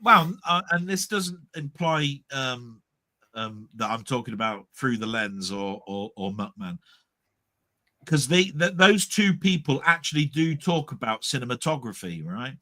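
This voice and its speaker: A man's voice: mid-range voice, sing-song, measured pace, pushed and bright. A man, co-hosting a casual film chat live stream with jokey, mock-grumpy banter.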